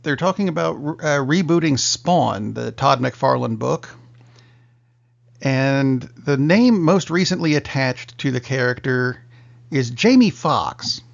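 A middle-aged man hosting a casual podcast chat, slow and wry as he leads into each topic. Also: mid-range voice, expressive, creaky. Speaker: podcast host. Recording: slightly dull lo-fi sound.

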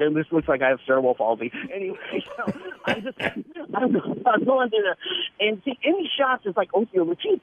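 A man calling in to a radio show, telling a rambling, self-mocking comic story with stammers and laughs over a phone line. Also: high voice. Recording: tinny phone line with studio talk behind.

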